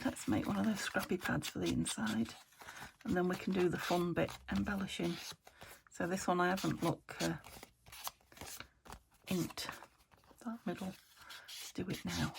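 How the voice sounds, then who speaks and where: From an upstairs room at home, a British woman from the United Kingdom hosts a crafting vlog in a lowish, gravelly voice. She rambles and talks to herself as she works, often trailing into soft murmurs, and the home recording carries noticeable background noise.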